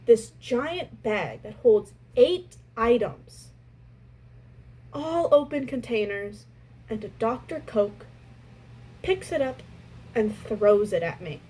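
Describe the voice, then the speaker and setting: A young adult woman casually telling a story from her restaurant job, animated and exasperated. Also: on the high side, slow pace, long pauses, breathy edge, low-quality recording.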